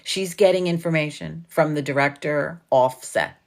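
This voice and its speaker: Speaking at a moderate pace with vocal fry, this low-voiced livestream host from New York has the city's accent. She chats casually, laughing and cursing through a story.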